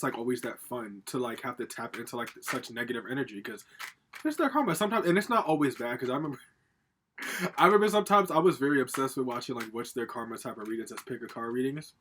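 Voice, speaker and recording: This is a man at home giving a casual pick-a-card tarot reading. His voice is bright and punchy, with a husky edge to it. He rambles, swears freely and talks straight to his viewers, filling the gaps with fillers. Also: medium pitch. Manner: rambling with frequent fillers and laughs. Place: home, with a laptop.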